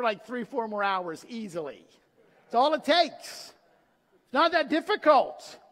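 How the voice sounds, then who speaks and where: A man's voice: very high-pitched, a bit bright, long reverb tail. A man preaching a sermon with emphatic delivery, posing rhetorical questions to his listeners and answering them. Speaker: pastor.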